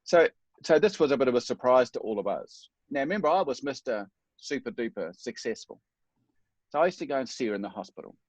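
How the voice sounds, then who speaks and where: Husky middle-aged man telling his story. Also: mid-range voice, lively intonation, a little fast, no echo. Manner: earnest, reflective, self-deprecating. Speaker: guest speaker. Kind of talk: personal storytelling in a talk.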